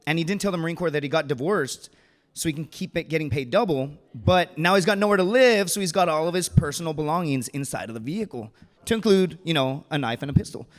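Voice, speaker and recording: A man in his thirties with a slightly high-pitched voice tells a personal story to a live audience, relaxed and slangy, often chuckling at himself. His voice carries the long ring of a reverberant hall. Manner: casual, joking, slangy, laughs at his own story.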